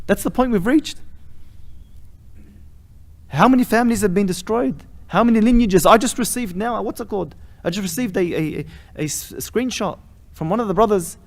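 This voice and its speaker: A man preaching a weekly lesson with rising fervor. His voice sits a touch on the high side, and he drives his points home with repeated rhetorical questions and recited Arabic phrases. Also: moderate pace. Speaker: sheikh giving a weekly lesson. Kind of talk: impassioned sermon.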